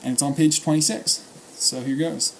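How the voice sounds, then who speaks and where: A man hosting and reading short stories aloud, calm and measured with pauses. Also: a little high, gravelly, a little hiss or hum, rough recording. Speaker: host and reader.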